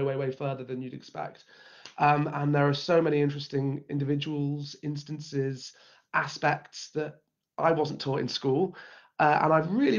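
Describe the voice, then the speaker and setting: Guy kinda croaky, chatty livestream host, a bit higher voice, dull lo-fi audio. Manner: chatty, greets viewers by name. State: slightly croaky from a cold. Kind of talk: live-streamed chat.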